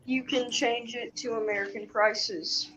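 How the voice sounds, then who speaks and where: A woman's voice: on the high side, steady tone, a little slow, fairly bright tone. A woman in casual chat, teasing and sarcastic. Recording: slightly dull, faint hiss.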